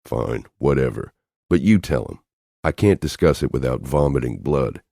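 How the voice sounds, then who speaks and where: A man's voice: extremely low pitch, lively intonation, normal speed, vocal fry, dark tone, no echo, studio quality, heavily acted. A man voicing a weary half-alien male seer in an audiobook, grim and resigned.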